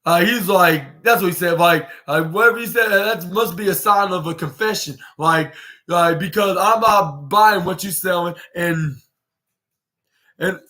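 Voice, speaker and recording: Man, podcast host, high voice, rambling casual recap, animated retelling. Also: a little slow. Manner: rambling play-by-play with many restarts and fillers; animated, acts out quoted lines. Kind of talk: casual wrestling episode recap.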